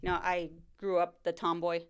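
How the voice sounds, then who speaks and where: A woman on a casual podcast, answering questions in short, plain replies with soft laughs. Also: lowish voice, completely flat delivery, normal speed, clear, resonant tone. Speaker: podcast co-host and guest.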